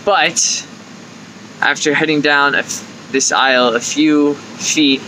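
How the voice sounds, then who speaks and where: Young male vlog host, bright and tense tone, chatty coaching delivery that acts out inner voices. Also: medium pitch, unhurried, slight background noise, rough recording. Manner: conversational, acts out inner thoughts with lively quoted asides. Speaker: life coach and video host. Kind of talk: casual talking-to-camera advice.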